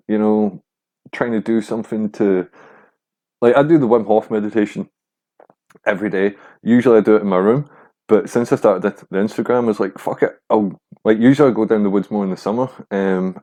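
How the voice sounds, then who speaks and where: A man's voice: fairly low pitch, warm tone. A young man hosting a casual solo podcast, rambling and swearing freely with a self-mocking streak. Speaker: podcast host.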